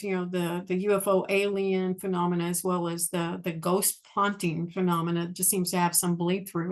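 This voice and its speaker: Musing woman interviewer. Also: on the low side. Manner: thoughtful, musing with hedges and fillers. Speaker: interviewer, host. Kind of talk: conversational interview.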